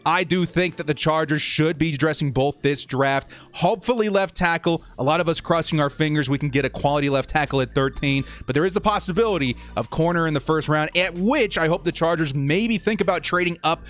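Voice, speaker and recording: A man's voice: fairly high pitch, fairly quick, few pauses, a bit bright. A young man hosting a casual fan live stream, upbeat as he reads viewer comments and thanks supporters.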